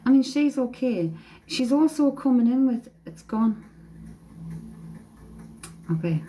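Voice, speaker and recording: A woman's voice: sits high, expressive, slow pace, pauses often, warm tone, a little hiss or hum, low-quality recording. A woman working as a psychic medium, giving a live-stream reading in a hesitant way, repeating phrases and humming song lines, speaking into a phone.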